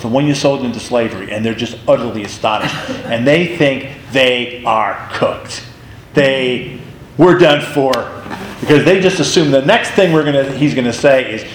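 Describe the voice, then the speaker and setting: A man's voice: mid-range voice, echoey room, slight background noise, poor audio. A man teaching a Bible class in a casual way, retelling the story with animation and acting out the figures' lines.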